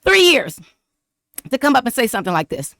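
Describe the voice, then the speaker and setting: Rambling, animated woman vlogger. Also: high voice, a little fast, vocal fry, no room sound, clean studio sound. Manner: rambling and animated, repeats herself, laughs often. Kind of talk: casual political commentary vlog.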